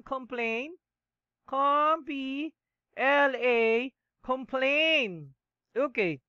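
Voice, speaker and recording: A woman with a Filipino accent teaching a class, mixing English and Tagalog and slowly spelling out words letter by letter. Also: high-pitched, sharp tone, no echo, lo-fi sound. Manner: slow and methodical, spells out letters one by one. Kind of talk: classroom lecture.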